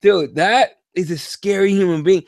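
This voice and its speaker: A tired man co-hosting a casual sports podcast, talking in a profane, animated and rambling way. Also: sits high, moderate pace, creaky, dry recording, clean studio sound. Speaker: podcast co-host.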